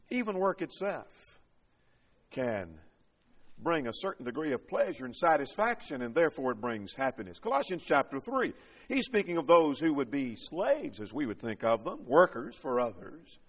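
A man's voice: medium pitch, sing-song, normal speed, slightly rough. Emphatic preacher man in a reverberant hall. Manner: preaching with rising and falling emphasis. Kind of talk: sermon.

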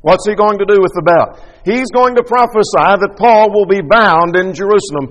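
A man's voice: high voice, normal speed, fairly bright tone. A man preaching a sermon emphatically, asking rhetorical questions and repeating key lines. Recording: long hall reverb.

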